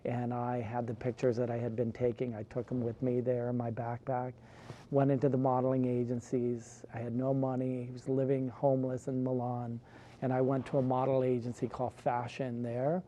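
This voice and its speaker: Man, from California, casual interview guest, rambling storyteller, warm dark tone. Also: mid-range voice, level tone, moderate pace, highs cut off, slight background noise. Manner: rambling anecdotes with frequent "like". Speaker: guest, photographer.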